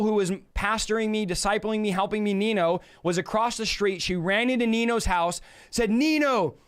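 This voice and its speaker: A man's voice: high voice, fairly bright tone, clean tone. A man in his thirties from California telling his personal faith testimony, acting out the quoted dialogue with animation. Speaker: guest sharing a testimony.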